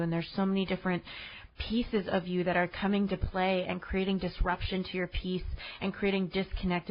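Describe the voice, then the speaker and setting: A woman's voice: on the low side, muffled recording. A woman podcast host, in her late twenties or thirties, giving earnest, encouraging self-help advice in a solo reflection.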